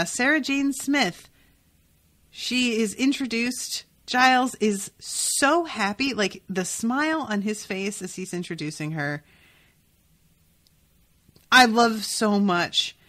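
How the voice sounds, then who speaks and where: A woman hosting a podcast in casual chat, animated and profane, laughing often. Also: mid-range voice. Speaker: podcast host.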